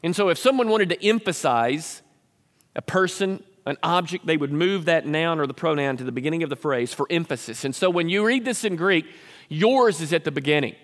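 A man's voice: a little high, animated, a little fast, fairly bright tone. Preaching man in an echoing hall. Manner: earnest preaching, acts out selfish prayers in a raised voice. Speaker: pastor. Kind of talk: sermon.

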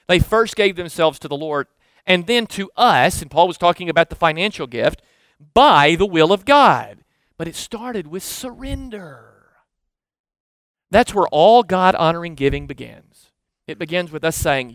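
A Southern American man in middle age delivers a sermon with a high voice. He talks to the congregation like a neighbor, stacking up emphatic phrases and then falling to soft, hushed remarks. The recording is close and dry. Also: expressive, a little slow, no room sound. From Southern United States. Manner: conversational preaching, rising to emphatic lists, dropping to hushed asides. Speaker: pastor.

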